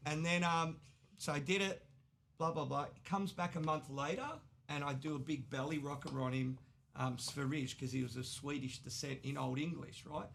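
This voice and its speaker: An Australian man in his forties tells stories on a podcast, animated and foul-mouthed, acting out each quoted line. His voice sits a little high with a gravelly fry. A faint hiss runs under the recording. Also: normal speed. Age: 40s. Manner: animated, swearing, acts out quoted dialogue. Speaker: tattoo artist guest. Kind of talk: casual storytelling.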